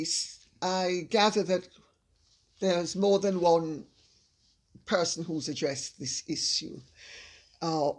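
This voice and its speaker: Unhurried husky Jamaican woman. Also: on the low side. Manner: measured, deliberate, assured. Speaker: host answering viewer questions. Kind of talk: casual chat.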